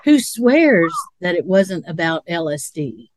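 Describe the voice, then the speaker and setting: A woman's voice: lowish voice, very animated, a little slow, a little mellow, slight background noise. A woman co-hosting a podcast in casual chat, rambling and laughing a lot. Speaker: podcast co-host.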